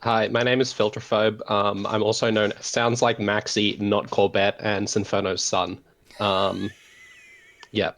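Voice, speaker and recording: An Australian man as a guest in a casual chat, relaxed and full of ums and uhs. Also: lowish voice, a little slow.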